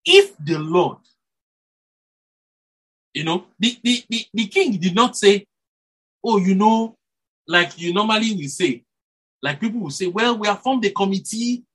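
Heard on a poor recording, a man with a husky, high voice delivers a sermon a little slowly, pausing often. His delivery is lively, with his voice climbing and falling for emphasis, plus self-corrections along the way and the occasional chuckle.

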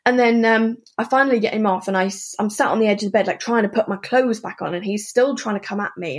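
A woman, an interview guest, telling a personal story in an earnest, halting way full of asides. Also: medium pitch.

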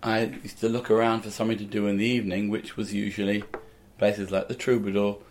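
A man's voice: fairly low pitch, flat delivery, fast talker, a little hiss or hum. An older man from England, a comedian and musician, telling rambling anecdotes in a casual interview.

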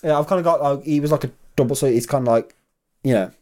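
A man's voice: mid-range voice, fast. A young man co-hosting a podcast, telling stories in casual chat and swearing freely. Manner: animated, swearing storyteller. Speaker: podcast co-host.

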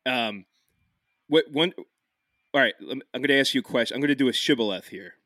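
Bright-voiced chatty podcast man. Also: mid-range voice, fairly quick, dry recording, clean studio sound. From Philadelphia area. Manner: animated storyteller, laughs often, many restarts. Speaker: podcast host. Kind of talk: casual podcast chat.

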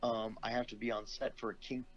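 A man's voice: medium pitch, flat delivery, muffled recording. A young man chatting as a podcast guest, telling a long anecdote with lots of swearing and laughter. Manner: profane, laughing anecdote with quick asides. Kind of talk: casual storytelling.

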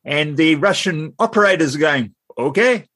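A man's voice: a little high, expressive, moderate pace, fairly bright tone, slightly rough, dry recording. A New man co-hosting a casual podcast, rambling and restarting his sentences, laughing as he goes. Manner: rambling, self-interrupting, laughs often. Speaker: podcast co-host. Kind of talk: casual chat.

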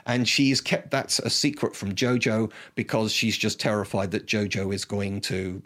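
A man's voice: lowish voice, little pitch movement, moderate pace, fairly bright tone. Give me an enthusiastic man reviewing films in a casual, rambling way. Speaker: film reviewer. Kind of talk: casual film talk.

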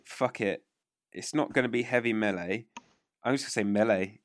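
A man running a tabletop game as game master, narrating casually with many fillers and quick rulings. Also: medium pitch, dry recording, clean studio sound.

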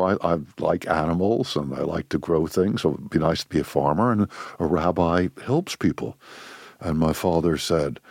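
Older doctor guy, deep husky voice, slow thoughtful talk, lots of restarts. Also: darkish tone, dry recording, studio quality. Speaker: physician guest. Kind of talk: reflective interview talk.

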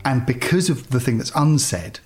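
A man's voice: medium pitch, lively intonation, normal speed, soft background music. A man hosting a podcast, chatting casually and reflectively. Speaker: podcast host. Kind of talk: casual chat.

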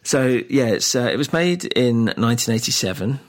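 A man's voice: medium pitch, expressive, moderate pace. A man hosting a podcast, recapping a film plot in casual chat, laughing often and quoting mockingly. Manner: amused, recapping a plot with laughs and mock quotes. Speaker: podcast host.

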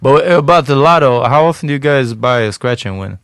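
A male podcast host in casual chat, talking haltingly with many restarts. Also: mid-range voice, lively intonation, a bit bright, clean tone, no echo.

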